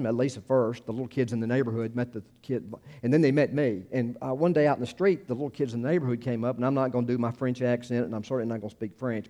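Medium in pitch and dark in tone, this middle-aged pastor from the United States delivers a sermon conversationally. He drops in asides and jokes at his own expense, then rises to emphatic peaks on the key phrases.

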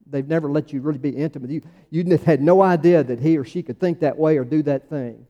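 A man's voice: fairly high pitch, fast talker, dark tone, lo-fi sound. Emphatic preacher man in a reverberant church. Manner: emphatic, conversational preaching with rising bursts. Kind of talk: sermon.

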